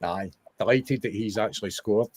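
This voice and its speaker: With a lowish voice at a moderate pace, captured on a dry recording, a young Scottish podcast co-host rambles casually about football. His chatty talk is full of restarts and wee asides.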